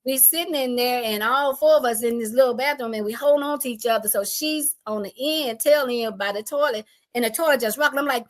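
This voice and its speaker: A middle-aged woman tells a personal storm story, acting out her family's voices in an animated way. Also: fairly high pitch, a little fast, hardly any pauses.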